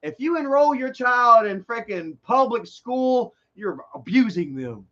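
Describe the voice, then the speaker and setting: High-voiced man ranting profanely. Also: animated, measured pace, sharp tone. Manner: heated, profane, rambling with many restarts. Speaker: vlogger. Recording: dull lo-fi recording.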